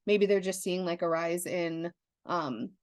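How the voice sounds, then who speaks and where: A young adult woman co-hosting a podcast, telling stories in a candid, animated way with lots of restarts. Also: on the low side, measured pace, dry recording, studio quality. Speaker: podcast co-host. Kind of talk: casual chat.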